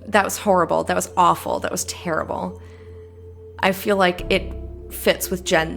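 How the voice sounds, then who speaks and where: A woman's voice: lowish voice, steady tone, moderate pace, creaky, faint music behind. A young woman streaming a game, reading in-game emails aloud and adding chatty, giggly asides. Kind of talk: let's play commentary, reading game text aloud.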